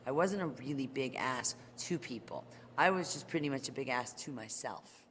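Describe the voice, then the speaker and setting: A woman's voice: rumbling low, expressive, normal speed, in a large hall, a little hiss or hum. A woman talking in a casual interview, rambling, candid and joking.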